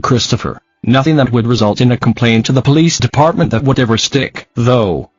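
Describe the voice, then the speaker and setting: A man reading a true-crime podcast transcript aloud, speaker names and spelled-out letters included, in a flat, even delivery. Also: medium pitch, brisk, slightly rough, no room sound, dull audio, soft background music.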